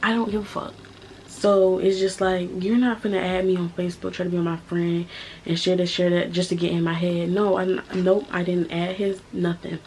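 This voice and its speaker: A young woman in her twenties with a low, flat, gravelly voice tells a story straight to her camera. She talks bluntly and swears freely, hammering her points home in a casual vlog style. A faint hiss sits under her voice. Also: normal speed, rough recording. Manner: blunt, profane, emphatic storytelling. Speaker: vlogger.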